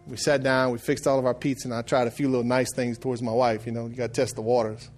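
A middle-aged man preaching a sermon, telling stories that swing from quiet, hushed lines to loud shouted outbursts. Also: mid-range voice, flat delivery, fast, faint music behind. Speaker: pastor.

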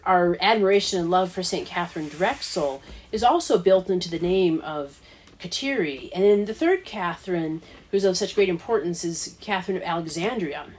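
A woman with a Midwestern accent explaining the naming of a college in a casual, earnest way, with frequent fillers. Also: on the low side. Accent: Midwestern American. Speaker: college co-founder. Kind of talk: casual conversation.

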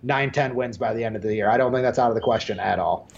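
A man's voice: medium pitch, quick pace, gravelly. A young man co-hosting a sports podcast, giving confident, blunt predictions and swearing casually. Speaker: podcast co-host. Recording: dull lo-fi sound.

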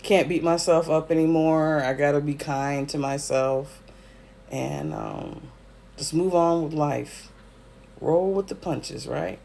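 Teary man talking slowly. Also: a little high, steady tone, vocal fry, darkish tone. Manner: emotional and effusive, with frequent fillers. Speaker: podcast host. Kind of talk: casual solo podcast monologue.

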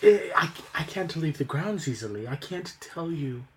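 A man voicing a nervous, secretive young female servant, hesitant and stammering in a hushed voice. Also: on the high side, lively intonation, moderate pace, noisy background, pitched above the performer's own voice, natural voice.

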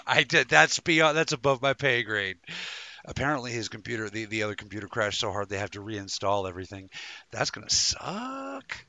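Creaky, rambling male show host. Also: lowish voice, fairly even intonation, a little fast, sharp tone. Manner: rambling, jokey, stumbling restarts. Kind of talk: casual live-show chat.

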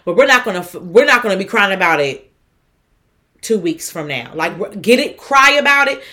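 A woman's voice: mid-range voice, sing-song, moderate pace, sharp tone. A woman co-hosting a podcast, talking bluntly and emphatically with lots of swearing. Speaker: podcast co-host. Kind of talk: casual chat.

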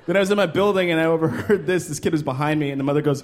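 A man in his thirties doing stand-up comedy, animated and profane, slipping into exaggerated voices. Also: on the high side, rapid-fire, few pauses, a little hiss or hum. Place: live comedy stage.

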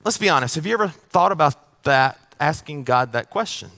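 Pastor, man, casual storytelling sermon, raised and bright voice. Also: on the high side, expressive, fairly quick, gravelly. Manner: conversational storytelling, joking, repeating words.

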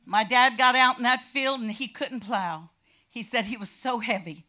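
An older woman from California telling her family's faith testimony in a lively storytelling way that swells into shouting. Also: fairly high pitch, normal speed. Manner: animated storytelling, bursts into shouting. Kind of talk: personal testimony.

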